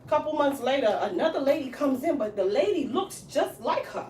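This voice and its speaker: A woman's voice: sits high, moderate pace, far from the mic. A woman who runs a hair salon, telling a story in casual chat and acting out the lines of the people in it, with frequent laughter. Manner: animated, acts out quoted lines, laughs often. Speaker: hairstylist and salon owner. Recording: roomy room, voice from off mic, faint hiss.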